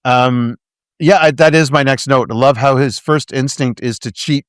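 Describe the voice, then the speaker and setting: A man's voice: medium pitch, moderate pace, smooth, no echo, studio quality. A man from Canada co-hosting a casual movie podcast, sarcastic and joking, with lots of fillers and restarts. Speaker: podcast co-host.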